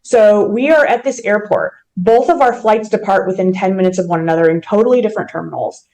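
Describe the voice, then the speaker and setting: A woman telling a personal story in an interview. She talks earnestly, with emotion and vivid detail. Her voice sits in a middle pitch. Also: quick pace, warm tone, poor audio. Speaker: mortgage company president, podcast guest.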